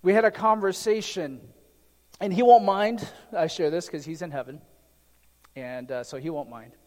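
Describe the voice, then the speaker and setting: A man's voice: high-pitched, normal speed, a little mellow. A middle-aged male pastor preaching a conversational sermon with joking asides to the congregation. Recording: long reverb of a large hall.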